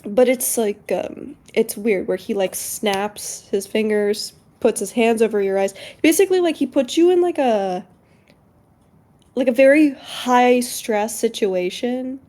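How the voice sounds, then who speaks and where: A woman's voice: fairly high pitch, measured pace, dark tone. A woman chatting casually on a live stream, rambling with lots of fillers as she explains something. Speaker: co-streamer guest.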